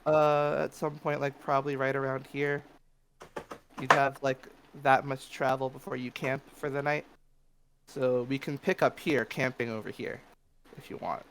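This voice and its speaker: Acting as game master of a tabletop game, a man narrates loosely with many fillers. His medium-pitched voice is flat and a bit bright at normal speed, over slight background noise.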